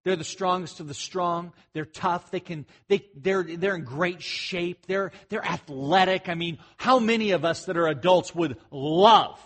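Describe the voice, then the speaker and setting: A middle-aged man leads a Bible study with a slightly higher-than-usual voice. He talks loosely and conversationally, stopping to restart phrases and pose questions to the room. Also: a little slow, hardly any pauses. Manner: conversational, asks the listeners questions, many fillers and restarts. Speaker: pastor. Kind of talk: expository Bible teaching.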